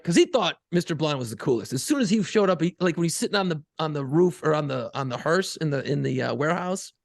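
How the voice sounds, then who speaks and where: Male podcast co-host, 40s, gravelly, profane, animated storyteller, dry close sound. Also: on the high side, no room sound. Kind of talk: casual chat.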